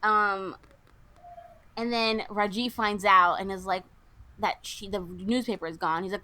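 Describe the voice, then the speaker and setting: Speaking at normal speed with a sharp tone and a medium pitch, a young female podcast co-host casually retells a film's story. She voices the characters' lines as she recaps it in a relaxed chat.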